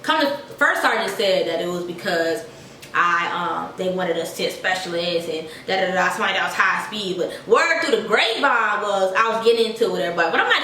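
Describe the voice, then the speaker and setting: A young woman vlogger telling a casual storytime to her viewers in a sassy, animated way. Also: medium pitch, roomy sound, far from the mic, a little hiss or hum, low-quality recording.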